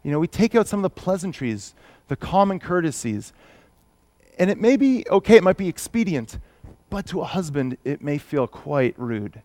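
A man's voice: fairly high pitch, big pitch swings, normal speed, a little mellow, no room sound. Preacher, male, thirties; chatty, self-mocking delivery, dry close mic. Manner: conversational, self-deprecating preaching. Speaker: pastor. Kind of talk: sermon.

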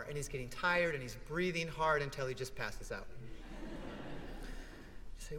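A man's voice: a little high, a little slow, pauses often, a little hiss or hum. A man preaching a sermon in a large church sanctuary, telling stories and asking rhetorical questions. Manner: animated storytelling with rhetorical questions. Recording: echoey church hall.

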